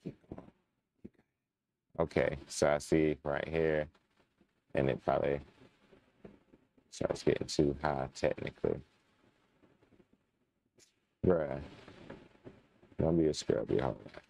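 A man's voice: rumbling low, slow pace, vocal fry, pauses often, dark tone. A young man casually commenting while playing a game, chatting to his viewers and muttering when frustrated. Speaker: gaming channel host. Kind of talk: casual let's-play commentary.

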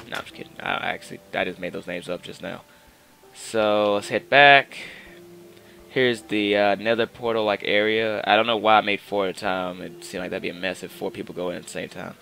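A man's voice: sits low, flat delivery, normal speed, creaky, bright, forceful tone. A man giving rambling, casual gameplay commentary into his own microphone, full of fillers and restarts. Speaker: gaming channel host. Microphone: personal microphone.

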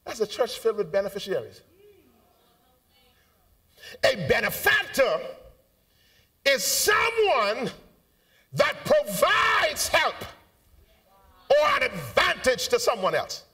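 A man with a Bahamian accent preaching a live sermon in a church auditorium. He is fervent and calls out to the congregation, moving between shouted lines, sung phrases and quiet asides. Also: very high voice, huge pitch swings, takes it slowly, long pauses, recorded from a distance. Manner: call-and-response with the congregation. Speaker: bishop preaching. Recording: live church recording, voice off-mic.

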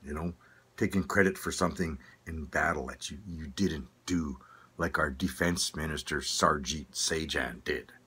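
A man's voice: extremely low pitch, moderate pace, bright, forceful tone, breathy edge. An older man with a Manitoba Canadian accent, rambling through a casual opinion rant, swearing and stumbling over restarts. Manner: rambling, swearing, laughing often, many restarts. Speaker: vlogger.

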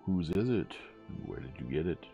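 A man's voice: sits low, very animated, normal speed, mellow, highs cut off, soft background music. A man voicing a stern village doctor who scolds in a shocked way in a bedtime story. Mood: scolding.

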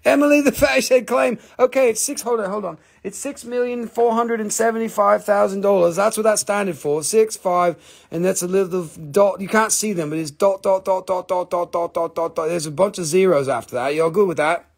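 A man with an Appalachian American accent hosting a casual live crystal sale, chatty and excitable, swearing and reading out buyer claims. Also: sits high, a little fast, gravelly. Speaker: live-stream crystal seller.

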